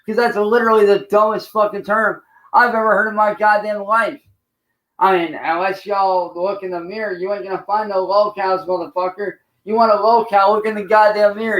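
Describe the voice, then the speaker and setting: Brief: man, high voice, profane heated streamer rant. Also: fairly even intonation, moderate pace, fairly bright tone, echoey room, rough recording. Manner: angry, profane, ranting. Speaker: livestream host.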